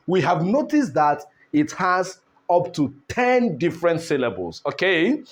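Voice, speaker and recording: Male online English teacher, high and animated, slow deliberate delivery, repeats words, checks in with listeners. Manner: slow, deliberate, repeats words and syllables, asks "all right?". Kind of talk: online pronunciation lesson.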